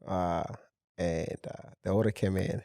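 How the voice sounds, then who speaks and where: A man, a fashion house founder, telling a lively anecdote in a casual interview. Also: deep voice, measured pace, creaky, dry recording, clean studio sound. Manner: animated anecdote telling with fillers. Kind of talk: casual storytelling chat.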